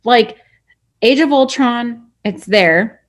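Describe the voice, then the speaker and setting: A woman's voice: on the high side, slow pace. A woman co-hosting a casual review show who tells things chattily, with lots of "like" fillers. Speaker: podcast co-host.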